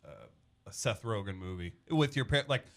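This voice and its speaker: A man's voice: fairly low pitch, expressive, normal speed. A podcast host in casual chat, playful and jokey while interviewing his guest.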